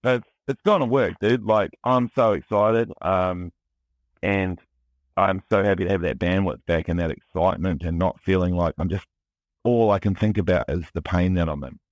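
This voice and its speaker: A man from New Zealand with a New Zealand accent, talking candidly and excitedly as a podcast guest, swearing freely and often restarting his sentences. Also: low-pitched, moderate pace, dry recording. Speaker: podcast guest, music producer. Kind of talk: casual chat.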